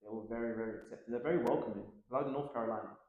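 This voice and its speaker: A man's voice: mid-range voice, rapid-fire, muffled recording. Man, 30s, tennis coach, casual interview guest, filler-heavy, very reverberant room. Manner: relaxed, filler-heavy, laughs often.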